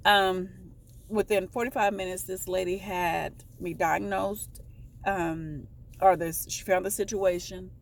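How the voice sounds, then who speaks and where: Low kinda gravelly woman rambling thru a story, lots of stops and restarts, a bit of noise behind. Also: steady tone. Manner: rambling, halting, stops to correct herself. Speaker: vlogger. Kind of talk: casual storytelling to camera.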